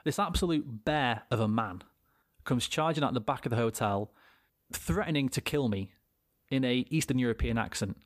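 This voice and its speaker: A man's voice: medium pitch, normal speed, no room sound, studio quality. A young British man, a podcast co-host, telling a rambling anecdote with plenty of swearing and restarts. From Britain. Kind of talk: casual storytelling chat.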